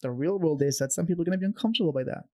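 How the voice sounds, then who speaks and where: A man, a podcast guest, telling stories in a conversational way, animated and acting out quoted voices, with many restarts. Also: on the high side, rapid-fire. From Canada. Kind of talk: conversational storytelling.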